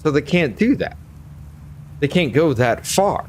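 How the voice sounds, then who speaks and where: A man's voice: fairly high pitch, sing-song, unhurried, slight background noise. A tipsy man, hosting a casual conversation, arguing emphatically and swearing freely. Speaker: host.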